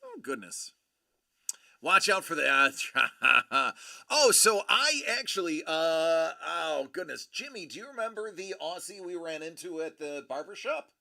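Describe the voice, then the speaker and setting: A man's voice: on the high side, big pitch swings, a little slow, creaky, sharp tone. A middle-aged man hosting a casual collectibles show, rambling and joking as he tells stories with many restarts. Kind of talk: casual chat.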